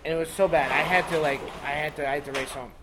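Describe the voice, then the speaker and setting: A man's voice: on the high side, fairly even intonation, quick pace. A young man chatting casually as host, rambling through anecdotes with lots of fillers. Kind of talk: casual chat. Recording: background noise.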